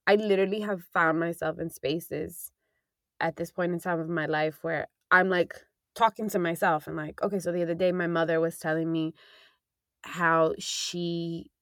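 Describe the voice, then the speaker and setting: A woman's voice: lowish voice, fairly even intonation, a little slow, dry recording, studio quality. A young woman in casual chat, talking candidly and rambling with many fillers and the odd swear word.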